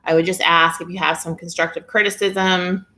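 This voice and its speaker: Woman host, casual live-stream chat on a phone camera, chatty and giggly, slightly low voice. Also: flat delivery, moderate pace, bright, forceful tone. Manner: chatty and giggly, reading viewer comments. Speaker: weight-loss vlogger hosting a live stream.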